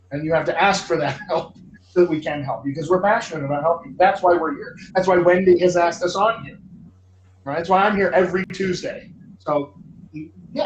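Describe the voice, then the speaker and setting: A man's voice: sits high, lo-fi sound. A man hosting a live online Q&A as a dialect coach, encouraging and emphatic, often repeating words for stress. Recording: echoey room, faint ambient noise.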